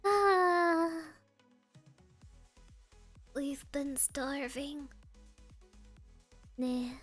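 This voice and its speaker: A woman's voice: high-pitched, drawn-out words, a bit bright, soft background music. A woman streamer chatting casually with her viewers, playful and rambling, often laughing.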